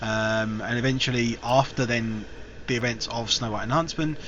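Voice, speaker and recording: A man's voice: mid-range voice, fairly even intonation, normal speed, a bit bright. A man hosting a casual film review show, rambling with fillers and restarts. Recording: dull lo-fi recording, faint hiss.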